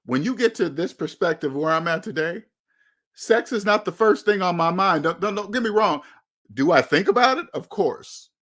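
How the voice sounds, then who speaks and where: A man's voice: a little high, a bit bright. A man, hosting his own channel and giving blunt, emphatic advice in a candid monologue, often repeating phrases for stress. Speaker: channel host.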